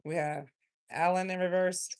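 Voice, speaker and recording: Gravelly tarot reader. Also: mid-range voice, flat delivery, normal speed. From South Carolina. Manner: rambling, emotional and chatty. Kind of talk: casual livestream card reading.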